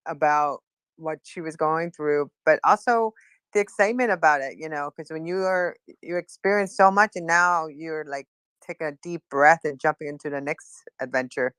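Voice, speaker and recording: A woman hosts a casual online chat, friendly and loosely rambling. Her voice is low for a woman. The sound is dry and close. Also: normal speed, a bit bright, clean tone, no room sound. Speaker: host.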